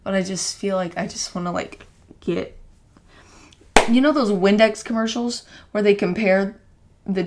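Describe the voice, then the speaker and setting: A young woman co-hosting a podcast, talking through her feelings in casual, rambling chat full of "like" fillers. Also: medium pitch. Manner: rambling, heavy use of "like" fillers; earnest, openly emotional self-reflection. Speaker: podcast co-host.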